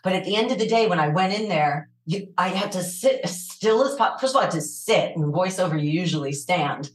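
A woman with a New York accent and a low, raspy voice, chatting animatedly as an interview guest and laughing often. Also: animated, brisk, echoey room, rough recording. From New York City. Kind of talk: casual interview chat.

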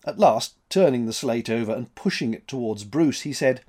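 A man reading a story aloud as narrator, in an expressive, dramatic manner. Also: medium pitch, normal speed, few pauses.

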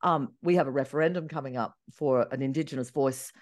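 An Australian woman, a podcast guest, telling animated stories with many restarts. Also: very deep voice, fast, no echo, clean studio sound. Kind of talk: conversational interview.

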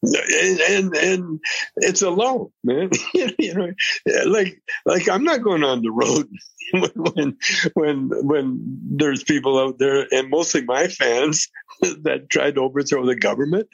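Guest, 80s man from Canada: rambling and laughing storyteller, husky voice, dry sound. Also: a little high, a little slow, no echo, dull audio. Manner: rambling, laughing, with many restarts. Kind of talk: casual storytelling interview.

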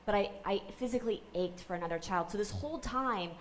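A woman in her thirties, a guest on an interview show, telling her family story in an animated way and acting out what people said. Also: mid-range voice, fast, a little hiss or hum, poor audio. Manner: animated storyteller, acts out quotes, laughs. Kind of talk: storytelling in a faith podcast interview.

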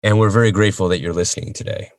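A man's voice: deep voice, fairly even intonation, very fast, vocal fry, no echo, studio quality. A man co-hosting a podcast in casual chat, friendly and enthusiastic. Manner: friendly, enthusiastic, laughs easily. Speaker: podcast co-host.

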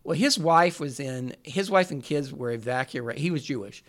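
A man's voice: medium pitch, normal speed. A man co-hosting a casual chat, explaining a story at an easy pace. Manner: relaxed storyteller, explains at length. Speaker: podcast co-host.

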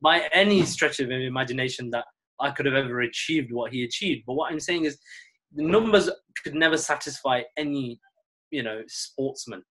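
A relaxed man in an easygoing interview, reflecting on his playing days at an even, middle pitch. He talks things through at his own pace and slips into the voices of people he is quoting. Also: moderate pace. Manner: relaxed, reflective, acts out quoted dialogue. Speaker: former cricketer and coach. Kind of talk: casual interview storytelling.

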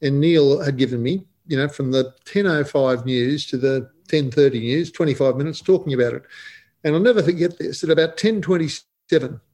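A man's voice: a little high, a little fast, darkish tone. A middle-aged man with an Australian accent, a guest author who tells stories vividly and emphatically in an interview. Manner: vivid, emphatic storyteller who acts out quoted dialogue. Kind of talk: animated storytelling interview.

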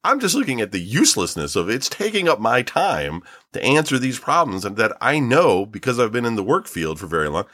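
A man's voice: mid-range voice, fairly quick, hardly any pauses, dry recording, clean studio sound. A middle-aged man co-hosting a podcast, ranting in casual chat with lots of fillers. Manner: ranting, animated, filler-heavy. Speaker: podcast co-host.

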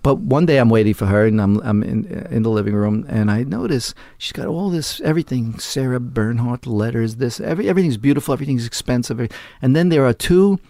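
Gravelly man telling stories. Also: medium pitch, fairly quick, few pauses, no echo, studio quality. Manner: animated anecdote telling, acts out quotes. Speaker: interview guest. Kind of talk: conversational storytelling.

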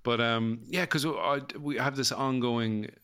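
Rambling Irish man with a bright voice. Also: mid-range voice, a little slow, clear, resonant tone. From Ireland. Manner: rambling, self-mocking, laughs at his own jokes. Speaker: comedian and podcast host. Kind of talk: casual comedic chat.

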